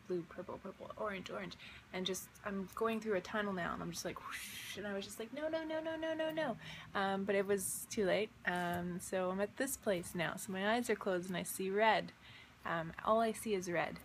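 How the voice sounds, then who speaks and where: A woman's voice: fairly low pitch, a little hiss or hum. A young woman who has just woken up, telling a dream in a rambling, casual way full of fillers. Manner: rambling, filler-heavy, wondering. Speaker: vlogger and visionary artist.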